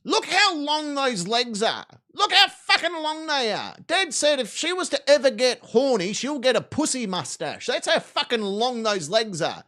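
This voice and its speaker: A man's voice: very high voice, sing-song, normal speed, hardly any pauses, sharp tone. A man with an Australian accent hosting a live stream, giving crude, rambling, swaggering commentary on videos.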